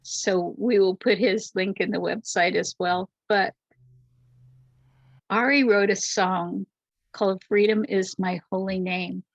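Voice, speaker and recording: A woman's voice: medium pitch, steady tone, slow, no room sound. An older woman hosting an online vigil, talking in an effusive, heartfelt way on a video call. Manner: effusive, gushing, laughs often. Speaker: host and producer of an online vigil. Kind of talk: heartfelt casual chat. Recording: dry, dull lo-fi call audio.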